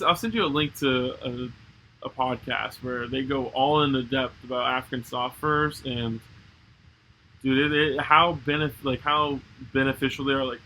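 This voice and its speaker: A young man co-hosting a podcast, chatting casually and telling animated stories with frequent swearing and laughter. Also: mid-range voice, slight background noise, low-quality recording. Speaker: podcast co-host. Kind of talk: casual chat.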